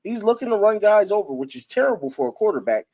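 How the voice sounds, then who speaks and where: A man's voice: sits high, very animated, fast talker, darkish tone. A man hosting a casual live-stream sports talk show, talking loosely with his viewers and breaking into laughter.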